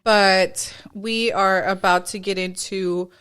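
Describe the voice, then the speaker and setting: A woman's voice: mid-range voice, steady tone, slow pace, fairly bright tone, smooth. A woman co-hosting a podcast in casual chat, laughing often and slipping phrases into her English. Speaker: podcast co-host.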